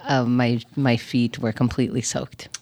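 A woman's voice: very deep voice, flat delivery, normal speed, darkish tone. A young woman guest on a comedy podcast, chatting in an easygoing, sympathetic way. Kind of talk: casual chat.

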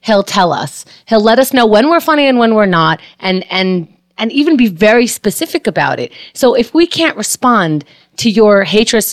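A woman's voice: mid-range voice, sing-song, moderate pace, hardly any pauses, no echo, studio quality. A woman co-hosting a casual podcast, ranting indignantly with heavy swearing. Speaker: podcast co-host.

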